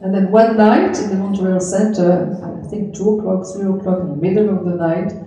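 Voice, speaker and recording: A middle-aged woman, a swami and yoga teacher, recalling memories of her teacher with gentle storytelling and frequent soft laughter. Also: mid-range voice, steady tone, moderate pace, dull audio. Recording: very echoey room.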